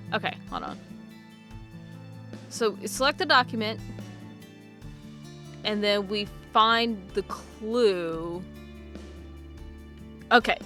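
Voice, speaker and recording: A woman's voice: fairly high pitch, fairly bright tone. A woman chatting casually and laughing at herself while playing a video game. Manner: chatty, giggly, self-deprecating. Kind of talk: casual let's-play commentary. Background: game music.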